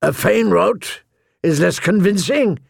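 An icy, commanding old lord, as a male narrator plays him, speaking slowly and without feeling. The voice is gravelly and dry, close to the mic. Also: high voice, animated, dry recording, pitched above the performer's own voice, heavily acted. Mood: dismissive. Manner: measured, expressionless, commanding. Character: cold, calculating older male lord, father. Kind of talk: audiobook character voice.

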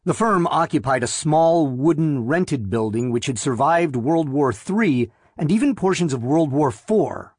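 A man narrating a novel as an audiobook, in a measured, steady reading. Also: fairly high pitch, husky, no room sound, studio quality. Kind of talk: scripted narration.

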